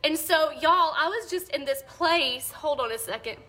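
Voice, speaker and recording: A woman's voice: high-pitched, expressive, moderate pace, bright, forceful tone. A young woman telling a funny story casually to her viewers, keeps breaking into laughter. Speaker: vlogger.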